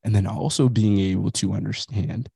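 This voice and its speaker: A man's voice: lowish voice, steady tone, normal speed, vocal fry, mellow, slightly rough, dry recording. A man in his thirties hosting a podcast, talking bluntly and profanely in a casual motivational monologue, while dealing with a migraine. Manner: blunt, profane, self-reflective. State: has a migraine. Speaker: podcast host.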